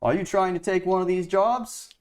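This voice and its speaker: A man voicing a gruff, territorial tavern bartender in an attempted Cockney accent that slips toward Australian. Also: sits high, steady tone, moderate pace, voice pushed up, natural voice. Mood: suspicious. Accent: attempted Cockney that drifts Australian. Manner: brusque, confrontational.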